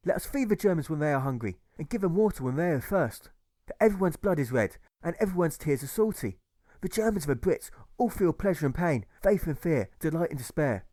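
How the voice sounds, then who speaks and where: Man playing earnest pacifist speechmaker, rousing, fairly high voice. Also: mellow, no echo. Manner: impassioned rallying speech. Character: idealistic young male pacifist orator.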